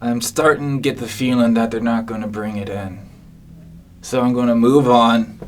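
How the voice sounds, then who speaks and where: A man hosting an absurd comedy monologue, rambling and deadpan. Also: medium pitch, normal speed, a little hiss or hum. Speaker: comedian host.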